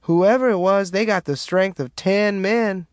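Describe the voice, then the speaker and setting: A man's voice: high voice, unhurried, clear, resonant tone, no room sound, clean studio sound, pitched above the performer's own voice. Level-headed church woman, read by a man, plain and blunt.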